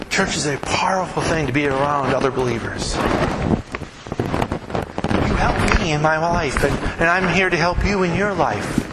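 A man preaching a sermon in a church, conversational and earnest, often checking in with the congregation. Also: fairly high pitch. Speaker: pastor. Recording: echoey hall with background noise.

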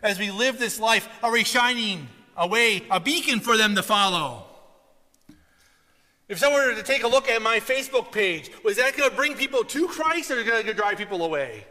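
Animated preaching man, bright, echoing hall. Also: high voice, normal speed. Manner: storytelling, animated with sudden loud outbursts. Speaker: pastor. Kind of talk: sermon. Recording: long hall reverb.

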